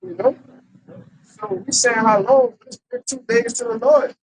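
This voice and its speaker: A man's voice: very high-pitched, sing-song, a little slow, slightly rough, low-quality recording. A man teaching a Bible lesson in a loose, conversational preaching style, tagging his points with rhetorical questions. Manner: loose and conversational, tags lines with "man" and "right?".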